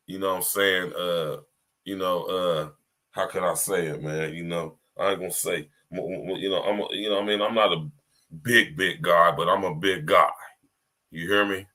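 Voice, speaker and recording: Pushed, bright, and sitting low, this man's voice carries a podcast livestream. He speaks directly to his listeners in a rambling, emphatic, repetitive monologue, frequently asking if they hear him.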